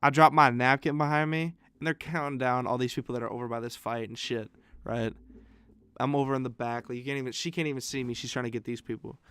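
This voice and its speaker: Speaking fast with fairly even intonation, the young co-host has a mid-range, slightly bright, clean voice with no echo. His casual podcast stories are full of swearing and impressions of what other people said.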